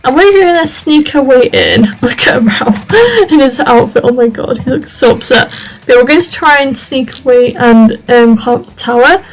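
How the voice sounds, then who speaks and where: A woman's voice: high-pitched, normal speed, rough recording. A woman giving casual, rambling commentary over her gameplay. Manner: chatty, rambling, lots of fillers. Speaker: video game creator.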